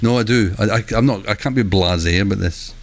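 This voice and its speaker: A man giving chatty live commentary while streaming a video game, breaking into excitable exclamations. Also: on the low side, a little fast.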